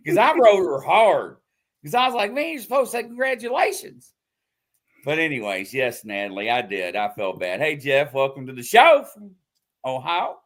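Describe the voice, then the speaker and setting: A man hosting a live show in casual chat, telling a story with loud acted-out quotes. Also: medium pitch, moderate pace. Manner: animated storytelling, acts out quotes loudly. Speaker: host.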